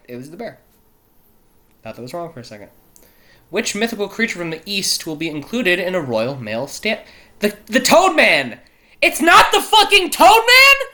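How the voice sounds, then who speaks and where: A man who isn't British hosts a casual solo show in a pushed, bright voice on the high side, reading news quiz questions aloud. He reacts with frequent swearing and exasperation, interrupts himself, and stumbles over place names.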